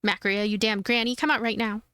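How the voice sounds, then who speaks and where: A woman's voice: mid-range voice, steady tone, brisk, pushed and bright, clear, resonant tone, no room sound, studio quality, lightly acted. A woman voicing a grumpy young witch in a game, snappy and indignant.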